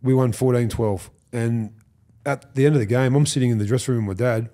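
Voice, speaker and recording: An Australian ex-rugby league player in his fifties speaks a little fast in a mid-range voice while guesting on a podcast. He swaps casual stories, vividly acting out the people he quotes, and swears and laughs along the way.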